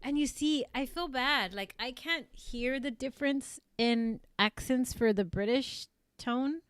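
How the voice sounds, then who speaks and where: Rambling woman streamer, smooth dry voice. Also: sits high, measured pace, no room sound. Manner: rambling, with many fillers and self-corrections; reads viewer comments aloud. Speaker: streamer and voice actress. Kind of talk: casual livestream chat.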